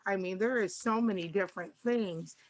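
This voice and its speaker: A woman's voice: medium pitch, normal speed. An older woman, a grandmother and co-host, talking in a rambling, casual way and acting out little bits of dialogue. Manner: rambling, warm, restarts often and acts out dialogue. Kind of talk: casual chat.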